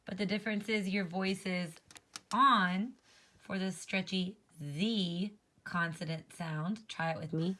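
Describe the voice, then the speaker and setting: A woman teacher giving a slow, clear phonics lesson to young children, modeling each letter sound and inviting them to try it with her. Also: mid-range voice, steady tone, pushed and bright.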